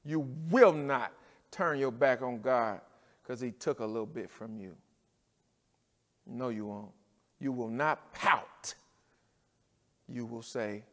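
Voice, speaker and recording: A man's voice: takes it slowly, pauses often. Preaching man in a reverberant church. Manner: preacher's cadence, swinging from low and quiet to shouting. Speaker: pastor. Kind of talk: sermon.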